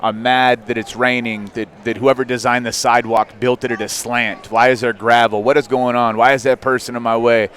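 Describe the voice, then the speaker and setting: A man in his thirties, a podcast guest, telling a personal story in a candid, animated way with frequent fillers. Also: mid-range voice, brisk, hardly any pauses. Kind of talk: casual storytelling.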